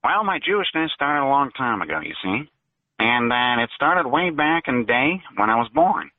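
A male caller to a radio show puts on a cartoonish drawl, his medium-pitched voice very animated and moving at a moderate pace. It's call-in radio talk heard over a phone, so the line sounds tinny, with no echo.

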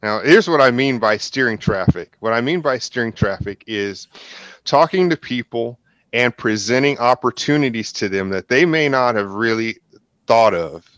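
A man with a smooth, resonant voice leads a group discussion, explaining his points at length and checking in with the others. The sound is dry and close. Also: mid-range voice, animated, moderate pace, a bit bright, no echo. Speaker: host.

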